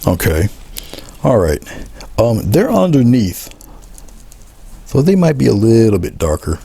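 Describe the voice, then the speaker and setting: A man teaching a painting demonstration, talking relaxed as he paints, repeating short coaching phrases and often trailing off into a murmur. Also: medium pitch, a little slow, creaky, husky, no echo. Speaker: art instructor.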